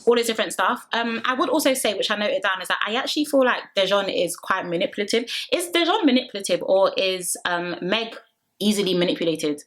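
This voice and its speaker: A woman's voice: medium pitch, fairly quick, a bit bright. A young woman talking casually to her viewers, giving a chatty, dramatic run-down with teasing asides. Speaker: reality TV reviewer. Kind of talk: casual review chat to viewers.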